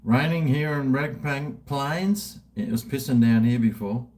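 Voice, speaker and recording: A man's voice: medium pitch, a little slow, a little mellow. Rambling man in his fifties. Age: 50s. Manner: chatty, self-mocking, talks to himself while drinking. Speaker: livestream host. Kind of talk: casual rambling livestream chat. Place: at home indoors.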